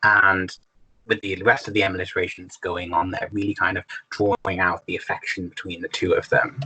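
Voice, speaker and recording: Bright-voiced teacher giving a Latin lesson. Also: male voice, sits low, a little fast, slightly rough, rough recording. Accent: English. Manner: explains in a relaxed way, with frequent ums and self-corrections. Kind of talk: recorded video lesson.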